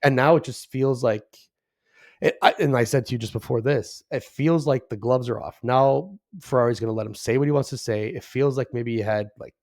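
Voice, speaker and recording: A man's voice: medium pitch, brisk, darkish tone, no echo, studio quality. A man co-hosting a podcast, chatting casually and joking with lots of fillers. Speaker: podcast co-host. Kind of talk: casual chat.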